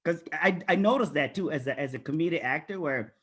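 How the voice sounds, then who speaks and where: Playful male host on a video call, high husky voice. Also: fairly bright tone. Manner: playful, quick to mimic voices. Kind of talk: casual video call interview.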